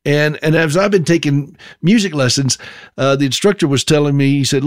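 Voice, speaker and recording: A man's voice: a little high, steady tone, a little fast, dry recording, clean studio sound. A middle-aged man from South Carolina with a Southern accent, telling a folksy, self-deprecating story as a monologue.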